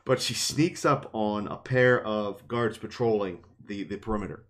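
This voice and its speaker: A man's voice: on the low side, moderate pace. A man co-hosting a podcast, casually retelling a fantasy novel chapter with playful quoted voices and laughter. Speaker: podcast co-host. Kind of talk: casual book discussion podcast.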